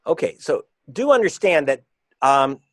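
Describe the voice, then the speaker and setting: A man being interviewed as an author and reporter, talking in an emphatic, combative way and slowing down to stress his points. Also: on the high side, sing-song, a bit bright, dry recording. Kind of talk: interview guest.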